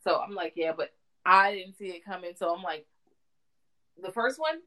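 A young woman co-hosts a casual podcast, her voice sitting on the lower side. She talks in an animated, profane way, stressing her points hard. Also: moderate pace, rough recording. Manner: animated, profane, emphatic storytelling. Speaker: podcast co-host. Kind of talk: casual chat.

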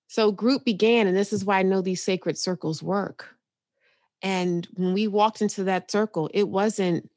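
A woman's voice: medium pitch, normal speed, no room sound. Candid woman telling a story, dry close sound. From New York, United States. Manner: animated, candid storyteller who laughs easily. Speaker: psychotherapist guest. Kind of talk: personal storytelling in a podcast interview.

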